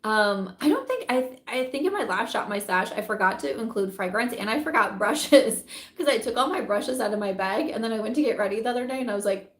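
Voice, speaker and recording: A woman's voice: fairly high pitch, expressive, a little fast, reverberant. A woman vlogger reviewing beauty products in casual, chatty talk, giggling often and saying "like" a lot.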